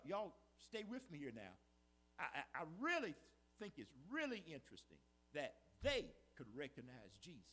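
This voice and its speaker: Pastor, animated high-pitched sermon delivery, call-and-response style. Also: male voice. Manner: preaching with call-and-response asides, repetitive emphasis. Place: church sanctuary.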